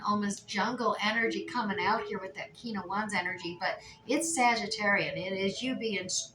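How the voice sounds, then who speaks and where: A woman giving a casual tarot reading, talking in a chatty way with many fillers and restarts. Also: mid-range voice. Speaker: tarot reader. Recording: echoey room, mic at a distance.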